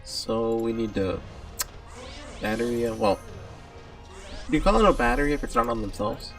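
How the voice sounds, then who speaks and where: A man's voice: medium pitch, animated, normal speed, vocal fry, fairly bright tone, far from the mic, soft background music. A man giving casual, rambling commentary on a video game, joking as he goes and reading the game's dialogue aloud. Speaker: let's play streamer.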